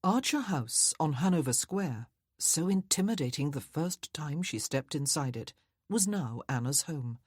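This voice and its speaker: Woman reading an audiobook, low husky voice, dry close sound. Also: lively intonation, measured pace, darkish tone, dry recording. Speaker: audiobook narrator. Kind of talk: scripted audiobook narration.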